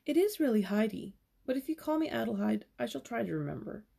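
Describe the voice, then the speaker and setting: An earnest, serious little girl from a storybook, as a woman reading aloud puts her on. She speaks with a slightly raised pitch, and the voice is gravelly and a bit husky. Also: big pitch swings, fast, dark tone, heavily acted.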